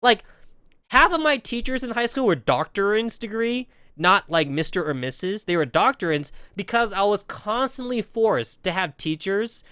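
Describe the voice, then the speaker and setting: A man's voice: high-pitched, very animated, normal speed, bright, forceful tone, clean tone, no room sound. A man streaming and telling a rambling story with lots of fillers, on a close mic. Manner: rambling, filler-heavy, jumps between voices. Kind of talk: casual storytelling.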